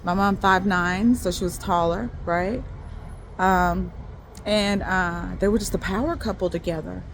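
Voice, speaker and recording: A woman's voice: lowish voice, fairly even intonation, measured pace, slight background noise. A woman telling a personal faith testimony straight to her viewers in casual talk, rambling, restarting and repeating words as she goes. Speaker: faith video creator.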